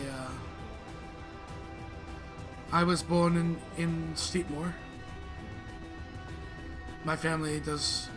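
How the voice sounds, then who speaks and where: A man playing a merchant's daughter who admits things a bit reluctantly, halting and candid. The voice stays fairly high for a man, with music behind. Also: natural voice. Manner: hesitant, confessional.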